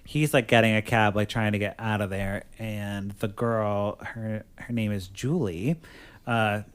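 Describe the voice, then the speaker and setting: A man hosting a podcast chattily recaps a movie plot, filling his talk with "like." His voice is lowish and clean-toned, with fairly even intonation and a slightly slow pace.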